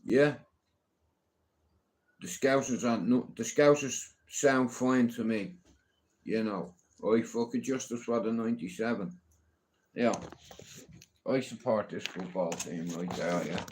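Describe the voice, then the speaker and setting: A man's voice: mid-range voice, a little slow, long pauses, darkish tone. A middle-aged man ranting casually on a livestream, swearing often and asking "you know what I mean?".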